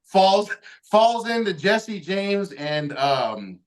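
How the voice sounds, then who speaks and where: A man's voice: high-pitched, big pitch swings, extremely slow. A man hosting a podcast, telling a story casually, swearing a lot and acting out what people said. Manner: profane, acts out quoted lines. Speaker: podcast host. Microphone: podcast mic.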